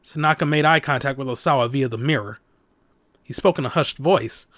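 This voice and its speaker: A man's voice: mid-range voice, brisk, fairly bright tone, no room sound, clean studio sound. A man hosting a let's play, reading the game's text aloud and chatting in an amused, playful way. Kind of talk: casual game commentary and reading aloud.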